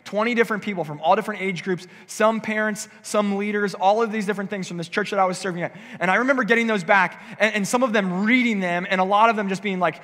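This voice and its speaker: Preaching quickly with hardly any pauses, a male pastor's high, bright, forceful voice rings through a large church sanctuary. His sermon is conversational, and he acts out what people might say.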